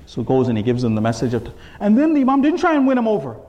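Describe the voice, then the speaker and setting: A man's voice: high-pitched, huge pitch swings, very fast, hardly any pauses, darkish tone. A man giving a sermon, telling a story and acting out the quotes with shifting voices, often checking in with "right?". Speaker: religious speaker.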